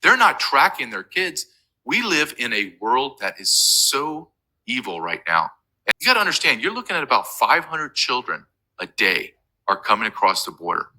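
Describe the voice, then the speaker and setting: A man's voice: mid-range voice, big pitch swings, moderate pace, pushed and bright, low-quality recording. A man as an interview guest, talking urgently and emphatically, with frequent restarts. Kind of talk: impassioned remote interview.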